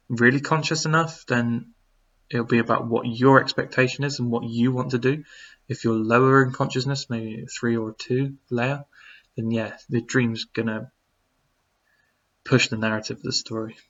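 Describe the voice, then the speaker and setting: A man chats loosely on a live stream, reading viewer questions aloud and wandering through his answers with plenty of ums. His voice sits at an ordinary middle pitch. The stream audio is a little dull and lo-fi. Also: steady tone, moderate pace, fairly bright tone. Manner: rambling, reads out chat messages with many fillers. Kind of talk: casual live-stream chat.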